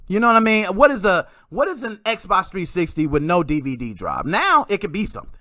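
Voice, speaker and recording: An excitable man hosting a casual podcast, with a high, bright voice that swings up and down a lot. He tells his story with animated energy and a bit of mild swearing, close and dry on the mic. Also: fairly quick, hardly any pauses, no echo. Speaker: podcast host.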